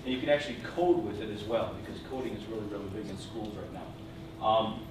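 A man giving an enthusiastic, fast-paced demo of classroom gadgets at a public event. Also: fairly low pitch. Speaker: presenter. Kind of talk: quick demo talk. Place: museum event room. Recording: echoey room from far off, noisy.

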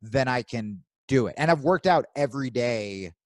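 A man from New Jersey co-hosting a podcast, telling animated stories with plenty of swearing and acting out his own inner voice. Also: medium pitch, normal speed, dry recording. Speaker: podcast co-host. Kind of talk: casual chat.

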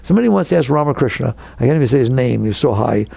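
A man giving an inspirational talk as a spiritual teacher, animated and acting out anxious inner voices. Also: mid-range voice, rapid-fire, creaky, breathy edge, dry recording.

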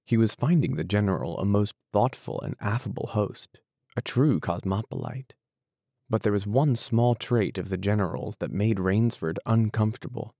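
A male audiobook narrator with a very deep, gravelly voice reads in steady, even prose. His tone is dark and mellow, recorded close and completely dry. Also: no echo. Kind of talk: scripted narration.

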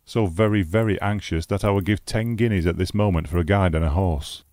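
A man's voice: sits low, a little fast, darkish tone, dry recording, clean studio sound, close to an everyday voice. A man voicing an impatient young husband in an audiobook, urgent and pleading. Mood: anxious. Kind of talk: audiobook character reading.

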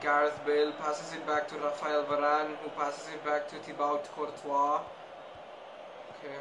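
A man commentating his own football management game, talking casually, nervous and excitable, swinging between mutters and shouts. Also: on the high side, moderate pace, roomy sound, background noise. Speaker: gaming YouTuber. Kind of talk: Let's Play commentary.

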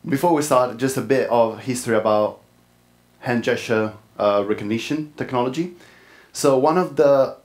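A man's voice: medium pitch, darkish tone. A man from Italy with an Italian accent, speaking at a conference in an informal way with frequent fillers. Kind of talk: tech conference talk.

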